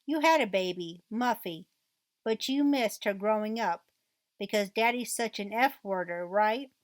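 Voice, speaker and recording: A woman's voice: mid-range voice, unhurried, no room sound, close to an everyday voice. A woman reading the lines of a bitter, ranting divorced mother from a transcript, in a mostly plain reading voice with little acting. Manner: reads quoted rant aloud in a mostly plain voice.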